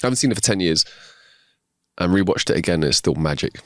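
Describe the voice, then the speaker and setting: A man's voice: sits low, expressive, fast talker, fairly bright tone, dry recording, clean studio sound. A young man co-hosting a podcast, chatting casually and enthusiastically, now and then swearing. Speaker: podcast co-host. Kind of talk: casual chat.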